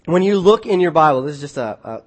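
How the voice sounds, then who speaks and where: A man preaching a conversational sermon, often restarting his phrases and swinging between quiet asides and emphatic points. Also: on the high side, lively intonation, quick pace. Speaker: pastor.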